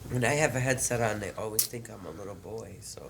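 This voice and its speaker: A woman's voice: extremely low pitch, fast talker, vocal fry, noisy background. A woman in her forties chatting on a podcast, blunt and brash with provocative humor. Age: 40s. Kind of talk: casual podcast chat.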